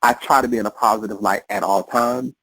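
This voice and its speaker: A man's voice: fairly low pitch, fairly even intonation, fairly quick, a bit bright, slightly rough, no room sound, low-quality recording. A man in casual conversation, reflective and repeating his phrases as he works through a thought. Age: adult. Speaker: podcast guest.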